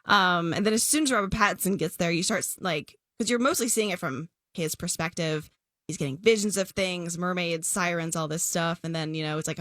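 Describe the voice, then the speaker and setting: A woman co-hosting a podcast, casually describing a film she reviewed, animated and quick to laugh. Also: medium pitch, dry recording, clean studio sound. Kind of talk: casual chat.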